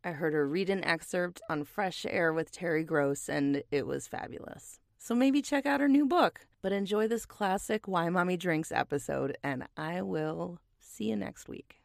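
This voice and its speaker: A woman introduces a podcast episode in a low, gravelly voice, speaking softly and reassuringly. The sound is dry and close to the mic. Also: expressive, normal speed, hardly any pauses, dry recording. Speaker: podcast host.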